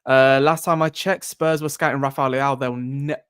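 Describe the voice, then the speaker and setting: A man's voice: medium pitch, fairly even intonation, normal speed, a bit bright, clean tone. An Irish man hosting a casual live stream, chatting loosely and reading viewer comments aloud before answering them.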